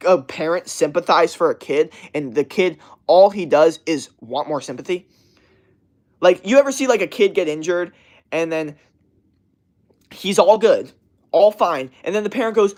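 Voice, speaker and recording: A young adult college vlogger rants casually to camera in a high-sitting, expressive voice at a brisk clip. His talk is profane and rambling, and he mocks people by putting on whiny voices.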